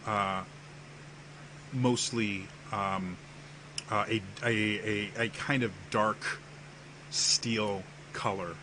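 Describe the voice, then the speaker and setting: A man narrating a tabletop game as game master, slow and hesitant with many fillers. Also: lowish voice, background noise.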